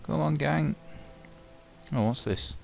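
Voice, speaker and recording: A man's voice: on the high side, slow, gravelly, a little mellow, soft background music. A man with a Yorkshire accent giving chatty, self-mocking commentary as he plays a video game. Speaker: let's play host. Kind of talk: casual gameplay commentary.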